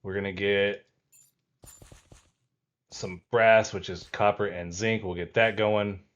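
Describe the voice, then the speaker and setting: A man with a fairly low voice talks his way through a gameplay session in a relaxed, easygoing way. He narrates each step aloud as he works. The recording is slightly dull and lo-fi. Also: slow pace. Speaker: gameplay video host. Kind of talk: casual let's-play commentary.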